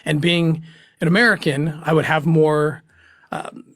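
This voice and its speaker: A middle-aged man tells a story as an interview guest in a husky voice that sits a little high. He is earnest and halting, restarting phrases and choking up at moments. The recording is close and dry. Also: little pitch movement, fairly bright tone, no echo. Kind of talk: emotional storytelling.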